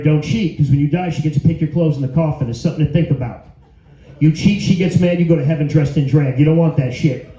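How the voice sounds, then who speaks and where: A man's voice: on the high side, fast, dark tone. A middle-aged man doing a crude, brash stand-up set with crowd work in a comedy venue. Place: comedy venue before a live audience. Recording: roomy, dull live club recording.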